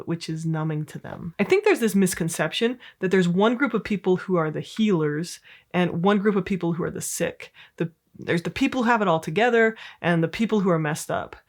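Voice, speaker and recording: Woman, therapist, candid casual talk, filler-heavy, slightly low pitch, middle-aged. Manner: candid, chatty, many "like" and "you know" fillers. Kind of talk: casual educational monologue.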